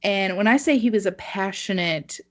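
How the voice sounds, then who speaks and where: A woman's voice: medium pitch, moderate pace. Wry woman telling a funny story. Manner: wry, laughing, self-mocking. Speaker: podcast co-host. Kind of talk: casual storytelling.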